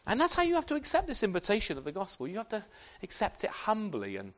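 A man preaching a sermon to his congregation, animated and often repeating words as he restarts his sentences. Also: high voice, quick pace. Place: church.

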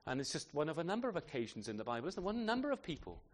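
A preacher delivers a sermon in a chatty, conversational way. His voice sits a little high for a man, and he keeps turning his points into questions for the congregation. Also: sing-song, rapid-fire. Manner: conversational, rhetorical tag questions.

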